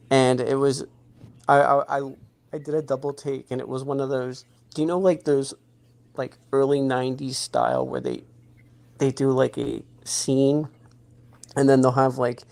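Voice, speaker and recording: A man chatting on a podcast, with a rough, gravelly grain to his voice. He rambles through his stories, restarting sentences and circling back as he goes. It is easygoing, unscripted talk. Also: mid-range voice, darkish tone. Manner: rambling, halting, with many restarts. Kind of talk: casual chat.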